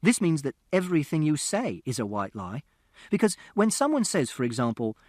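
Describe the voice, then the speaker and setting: A man's voice: fairly high pitch, very animated, normal speed, darkish tone, no echo, studio quality. A man narrating a first-person audiobook in a literal, precise, matter-of-fact way.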